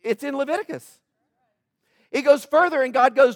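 A man's voice: very high-pitched, normal speed, long pauses, dry recording, studio quality. A male pastor giving a sermon, joking with the congregation and acting out voices from the scripture he tells. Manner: animated, joking, acts out quoted voices.

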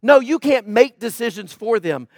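A man's voice: very high-pitched, lively intonation, moderate pace, no echo, clean studio sound. A man preaching a sermon in church, urgent and emphatic, driving his points home through repetition. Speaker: pastor.

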